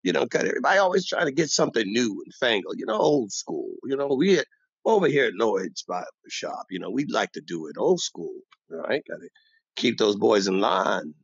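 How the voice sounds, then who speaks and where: A bossy old barber voiced by a man holds court in his shop, rambling and bragging in street talk. His pitch swings lively up and down. The recording is dry and dull, with a lo-fi edge. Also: brisk, gravelly, husky, dry recording, exaggerated voice. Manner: boastful, rambling, street-talking. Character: bossy old-school veteran male barber, shop owner. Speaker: barbershop owner. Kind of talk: comic character monologue.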